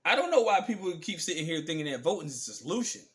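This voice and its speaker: A man with a high voice holds forth in a preachy, profanity-laced rant. His tone is bright and forceful. He drags out words for emphasis as he lectures his viewers. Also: big pitch swings, fast. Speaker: channel host. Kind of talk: ranting political commentary monologue.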